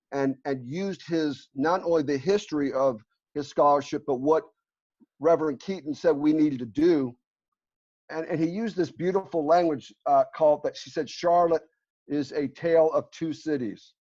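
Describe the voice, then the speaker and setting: A man's voice: fairly high pitch, a little mellow. A man speaking at a community panel, presenting a resolution in an earnest way with many fillers and restarts. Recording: muffled lo-fi audio.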